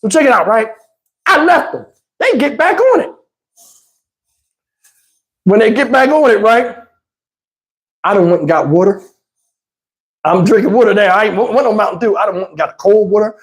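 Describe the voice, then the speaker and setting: Texan man vlogger, loose animated storyteller, swears and laughs, acts out voices. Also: high-pitched, normal speed, pauses often. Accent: Southern US, Texas. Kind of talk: casual storytelling.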